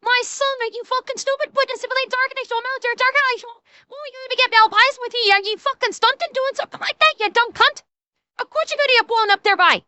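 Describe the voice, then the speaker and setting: A woman putting on a furious, foul-mouthed ranting voice, cursing in a rapid tirade. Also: bright, forceful tone, dry recording. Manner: shrill, rapid cursing rant.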